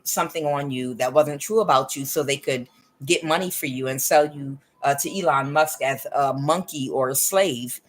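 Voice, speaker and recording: A woman giving a casual spoken tarot reading in a meandering, conversational way, often drifting into chatty asides. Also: low-pitched. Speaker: tarot reader.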